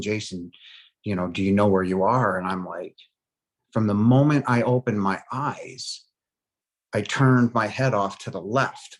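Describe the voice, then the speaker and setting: Speaking in a fairly low voice, this man in his forties shares his testimony as a near-death experience survivor. His delivery is earnest but halting, full of pauses and filler words, sometimes dropping to a hush.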